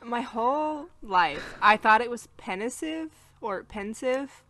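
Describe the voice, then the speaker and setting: American woman podcast co-host, bright tone, dry close mic, loose and chatty. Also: on the high side, lively intonation, unhurried, no echo. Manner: chatty, laughs at her own slips, recaps plot. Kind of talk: casual movie review chat.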